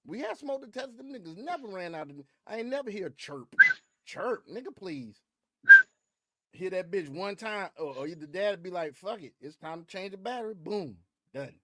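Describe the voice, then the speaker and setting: A man's voice: high voice, lively intonation, normal speed, crowd noise. A man co-hosting a stream, giving casual, joking commentary with heavy slang and cursing. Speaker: stream co-host.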